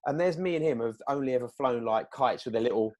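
A man telling a story in casual chat, animated, acting out quoted lines with big jumps in pitch. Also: fast.

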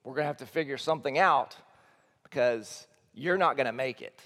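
A man, a teaching pastor, preaching an earnest, emphatic sermon that swings between soft low lines and loud high ones. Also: a little fast. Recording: long hall reverb.

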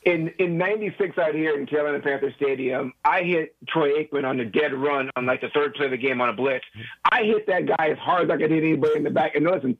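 A man who played football as a guest on a sports radio show, stumbling over repeated words, then telling stories quickly. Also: on the high side, phone-quality sound. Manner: halting, repeats words, then fast storytelling. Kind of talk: phone-in sports interview.

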